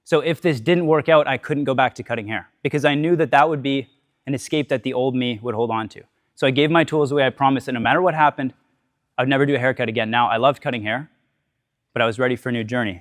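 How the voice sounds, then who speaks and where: In a fairly high-pitched voice, with no echo and studio-quality sound, a man delivers a frank motivational talk to a live crowd. He shares his story, curses openly, asks questions, and ends lines with "right?".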